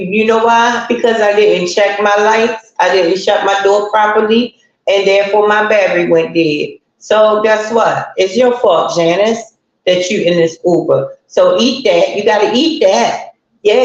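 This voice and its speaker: A woman hosting a live stream, telling a story in a chatty, colloquial way and greeting viewers as she goes. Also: mid-range voice. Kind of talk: casual storytelling to live chat. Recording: very echoey room, dull lo-fi sound.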